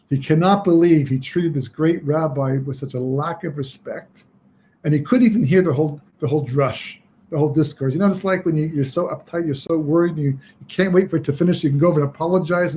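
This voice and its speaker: A man with a fairly high voice teaching a webinar lesson as a rambling story, full of "you know" and restarts. A faint hiss runs under his speech from a computer microphone. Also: mellow. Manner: conversational, many fillers and restarts.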